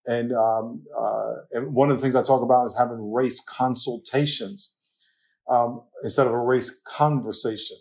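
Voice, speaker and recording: An older man with a New York accent talks as a guest on a podcast, a pastor who tells stories with lots of life. He laughs easily and slips into little acted quotes. His pitch sits in an ordinary middle range for a man. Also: steady tone, normal speed, a little mellow. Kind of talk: conversational podcast interview.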